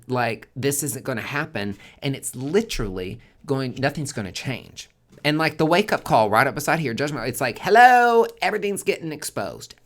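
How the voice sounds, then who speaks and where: A man's voice: mid-range voice, a bit bright. A man hosting a monthly tarot forecast in a casual spoken monologue, swearing constantly and driving his points home with emphatic repetition.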